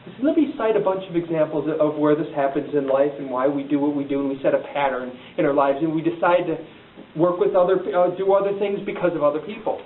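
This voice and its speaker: A man's voice: on the high side, fast. A middle-aged man giving a heartfelt motivational talk, telling a personal story in an earnest, emphatic way. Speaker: motivational speaker. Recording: echoey, distant, tinny, hissy recording.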